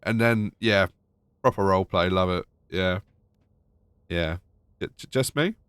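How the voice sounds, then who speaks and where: A man's voice: low-pitched, unhurried, fairly bright tone, clear, resonant tone, no echo, clean studio sound. A British man narrating a gaming video voice-over with wry, sarcastic humour. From United Kingdom. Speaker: gaming YouTuber.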